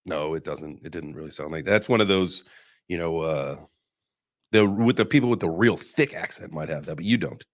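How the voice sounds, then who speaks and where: A man's voice: deep voice, fairly quick, dry recording, studio quality. A young man hosting a casual crypto podcast chat, talking loosely with some cursing. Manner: loose, profane banter. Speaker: crypto show host.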